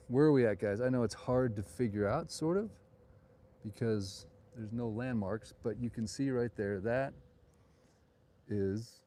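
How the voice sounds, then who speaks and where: A warm, medium-pitched voice belongs to a middle-aged man guiding a live walking tour at night. Recorded on a phone outdoors on a town street, he chats away, rambling off into side comments.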